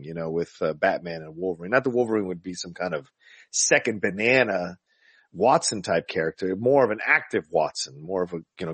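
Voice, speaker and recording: A man hosting a podcast in casual chat, relaxed, swearing offhandedly and trailing off with fillers. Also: low-pitched, husky, dry recording. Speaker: podcast host.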